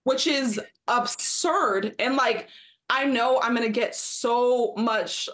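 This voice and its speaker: A woman's voice: on the high side, takes it slowly, fairly bright tone. A woman co-hosting a sports talk show, arguing her point emphatically and acting out quotes in mocking voices. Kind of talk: studio discussion.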